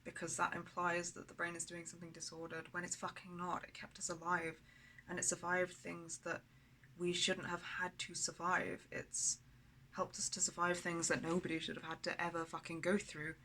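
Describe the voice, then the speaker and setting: A woman's voice: lowish voice, monotone, normal speed, bright, forceful tone, a little hiss or hum, rough recording. A woman talking candidly in a personal video diary, blunt and rambling, with frequent swearing. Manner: rambling, with many fillers and restarts. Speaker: vlogger.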